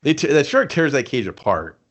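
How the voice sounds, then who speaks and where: A man's voice: mid-range voice, sing-song, a little fast. A man co-hosting a casual movie review podcast, retelling scenes in a laid-back way and swearing casually. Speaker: podcast co-host.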